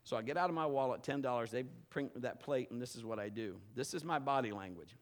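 A middle-aged man preaching a sermon in a church service, telling personal stories with loud bursts and quiet asides. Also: fairly quick. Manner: animated storytelling, swinging between loud bursts and low asides. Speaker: pastor.

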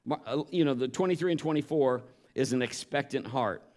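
A man's voice: mid-range voice, brisk, a little mellow. A man preaching a conversational sermon, earnest and emphatic, weaving scripture together with stories from his own life. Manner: earnest, emphatic, mixes scripture with personal anecdotes.

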